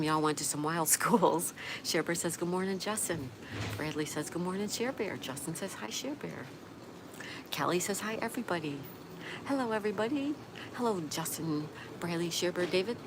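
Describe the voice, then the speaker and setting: Woman reading chat comments on her stream, kinda low voice, laughs a lot, noisy background. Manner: reads viewer comments aloud, chatty, laughs often. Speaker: livestream host reading chat. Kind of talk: casual livestream chat. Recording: noticeable background noise.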